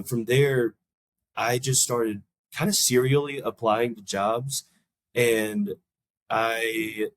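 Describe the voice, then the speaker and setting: A young adult man appears as a podcast guest in a casual storytelling interview, recounting a long personal story in a loose, rambling way with many restarts. His voice sits on the low side, and he animatedly acts out the people in the story in a raised voice. The recording is dry.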